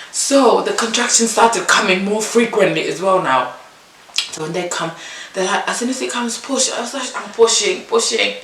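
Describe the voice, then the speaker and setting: Animated woman telling a story in an echoey room. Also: medium pitch, a little slow. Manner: animated, acts out the midwives' and her own lines in a raised voice. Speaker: vlogger telling her birth story. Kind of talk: casual storytelling to camera. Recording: echoey room, mic at a distance, faint hiss.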